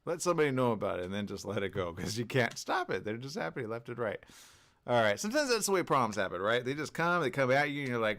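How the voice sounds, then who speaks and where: A man hosting a casual radio morning show, animated and jokey, with big jumps in pitch for emphasis. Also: quick pace. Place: radio studio.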